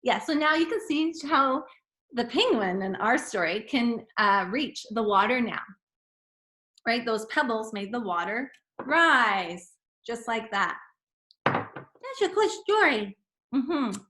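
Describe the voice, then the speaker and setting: A woman teacher reading a fable to children and chatting gently in between, calling them friends. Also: a little high, animated, measured pace. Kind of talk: storytime reading and chat. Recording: echoey room.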